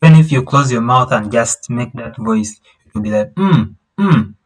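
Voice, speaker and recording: A man teaching an online Mandarin lesson over a video call, patiently explaining and repeating tones in a drawn-out way. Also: mid-range voice. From East Africa.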